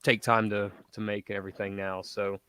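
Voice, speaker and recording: Jokey guy guest on a stream, smooth clean voice, dry sound. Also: fairly low pitch, little pitch movement, a little fast, pushed and bright, dry recording. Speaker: guest reviewer. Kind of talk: casual live-stream chat.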